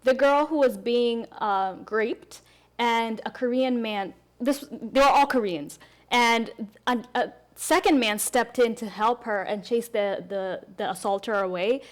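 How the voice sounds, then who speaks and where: Animated young woman podcast host. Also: fairly high pitch, a little slow. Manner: animated storyteller, acts out quoted dialogue. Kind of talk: casual podcast chat.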